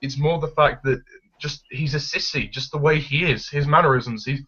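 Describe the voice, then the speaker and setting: A man's voice: fairly high pitch, fairly even intonation, normal speed, bright, forceful tone, husky. A man giving his blunt, opinionated take on a film in a casual discussion. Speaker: film reviewer. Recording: dull lo-fi recording.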